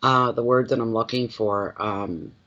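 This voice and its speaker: Chatty, expressive man livestreaming. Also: medium pitch, a little slow, dull audio. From Atlantic Canada. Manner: expressive, chatty, laughs often, greets viewers by name. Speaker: intuitive card reader. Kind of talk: casual livestream chat.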